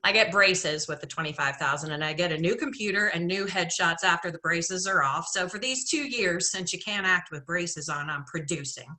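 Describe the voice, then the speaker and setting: A woman performing a solo storytelling show, playful and animated, with conversational asides to the audience. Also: on the low side, moderate pace, hardly any pauses. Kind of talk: theatrical storytelling monologue.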